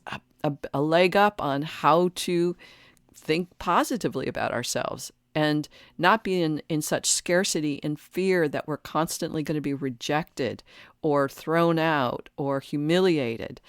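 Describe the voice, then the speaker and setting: A woman's voice: sits low, measured pace, no echo, clean studio sound. A woman hosting a solo podcast, thinking aloud earnestly with many restarts and fillers. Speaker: podcast host and coach. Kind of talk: reflective solo podcast talk.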